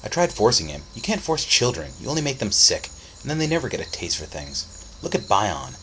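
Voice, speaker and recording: A man's voice: on the low side, big pitch swings, brisk, a bit bright, slight background noise, pitched above the performer's own voice, low-quality recording. A man voicing a firm, defensive mother in an audiobook reading, speaking firmly and defiantly.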